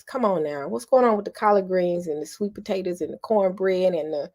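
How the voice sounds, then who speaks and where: A woman's voice: lowish voice, a little fast. A middle-aged woman, chatting casually with her live viewers. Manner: chatty, animated, addresses viewers as y'all. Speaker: vlogger talking to live viewers. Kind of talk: casual live-stream chat.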